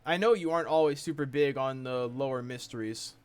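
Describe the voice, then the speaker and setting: A man's voice: medium pitch, fairly quick, smooth, close to an everyday voice. A man reading aloud as a laid-back, chummy alien friend in a webcomic chat, in a casual, slangy voice.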